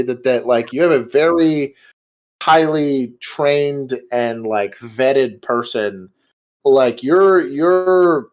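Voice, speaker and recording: Male guest, mid-pitched, relaxed, easygoing chat. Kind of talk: casual chat.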